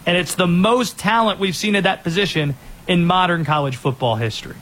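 A man hosting a sports talk show, giving energetic, opinionated rundowns of players and teams. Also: high voice, brisk, slightly rough.

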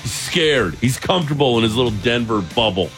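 A man's voice: mid-range voice, animated, fairly quick, fairly bright tone, faint music behind. A man co-hosting a casual sports chat, blunt and skeptical in how he talks. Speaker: co-host.

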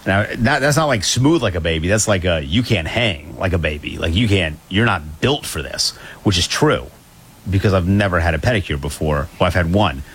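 A man's voice: sits low, lively intonation, moderate pace, a bit bright, breathy edge. A man co-hosting a casual podcast, telling a wry story in a laid-back way. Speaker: podcast co-host.

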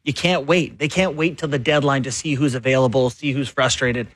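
A man co-hosting a sports talk show, making his case in a quick, conversational, opinionated way. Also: mid-range voice, steady tone, fairly bright tone, no room sound. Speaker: sports radio co-host and columnist.

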